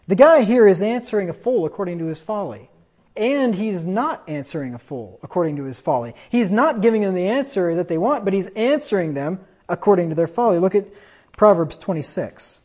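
A man's voice: sits high, expressive, fairly quick, darkish tone, highs cut off. A man preaching a fiery sermon, reading scripture aloud and mocking his opponents in put-on voices. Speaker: pastor.

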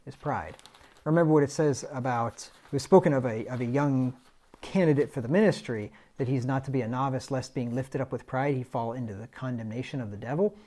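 A man's voice: mid-range voice, mellow. A middle-aged man preaching in a conversational way, reading scripture aloud and chuckling at his own stories. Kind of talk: Bible study sermon.

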